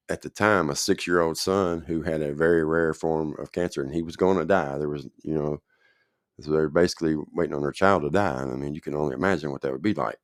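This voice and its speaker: A man's voice: very deep voice, no room sound, studio quality. A man hosting a show and telling his own story in a loose, rambling way, often checking that the listener is following. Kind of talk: casual spoken storytelling.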